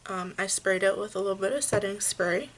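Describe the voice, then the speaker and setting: A woman giving a makeup tutorial, explaining each step slowly and gently, with frequent fillers. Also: mid-range voice, a little hiss or hum. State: hiccups. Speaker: makeup vlogger.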